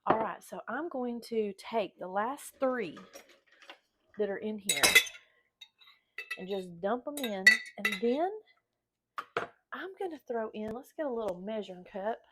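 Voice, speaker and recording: A woman's voice: mid-range voice, lively intonation, unhurried, pauses often, heavy background noise. Chatty woman cooking at home. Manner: chatty and folksy, often addressing viewers as y'all. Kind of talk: casual cooking demonstration. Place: home kitchen.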